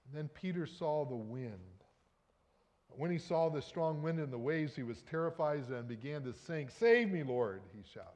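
Guy preaching a sermon, higher voice, big swings from loud to hushed, long hall echo. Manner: emphatic, rises and falls in loudness for effect. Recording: long reverb of a large hall.

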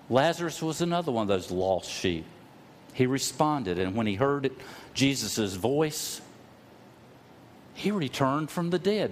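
A middle-aged man preaching a sermon, telling stories at an easy pace, slowing down to stress key words and sometimes rising to a loud cry. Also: medium pitch, slight background noise. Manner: storytelling preacher, slows for emphasis, rises to loud cries. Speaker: pastor.

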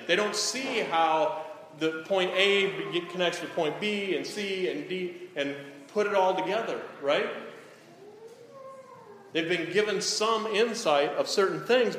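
Male preacher, slightly high voice, echoey church hall, faint hiss. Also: a bit bright. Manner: frequent "right?" tag questions to the congregation. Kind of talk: sermon. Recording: echoey hall, some background noise.

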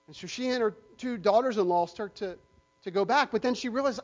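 Guy preaching, high voice, rambly with lots of ums, kinda muffled lo-fi sound. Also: brisk. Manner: rambling storyteller, lots of fillers and restarts. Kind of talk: sermon.

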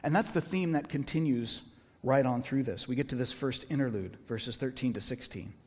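A man preaching a sermon as pastor, talking conversationally and punching words with bursts of loud emphasis. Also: mid-range voice, normal speed, in a large hall.

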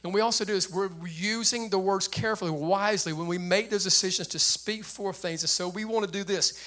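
An older man preaching with a high voice that sits well above most men's. His tone is bright and forceful, and he talks in a lively, plain way to his congregation. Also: fairly quick. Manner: animated preacher with a light, high voice and plain speech. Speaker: pastor. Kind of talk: sermon.

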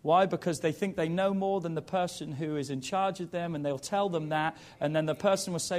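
A man in his thirties preaching a sermon, lively and joking with the congregation between points. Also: a little high, fairly quick, few pauses. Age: 30s. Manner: lively, jokey asides to the congregation.

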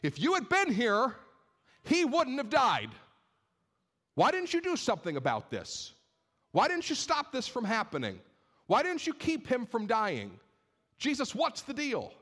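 Grieving, accusing woman played by a man, pitched well above his own voice, loud and pleading. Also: wildly swooping pitch, a little slow, pauses often, big-room sound, exaggerated voice.

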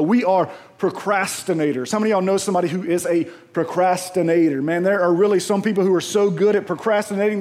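A high-voiced man preaching a sermon. He talks to the congregation like friends, jokes a lot and keeps asking the room questions. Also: darkish tone. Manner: conversational and joking, calls out to the congregation. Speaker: pastor. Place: church auditorium.

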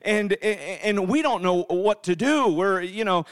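A man's voice: high-pitched, lively intonation, takes it slowly. A middle-aged man preaching a sermon and telling a family story, speaking emphatically and often repeating words as he starts sentences. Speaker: pastor.

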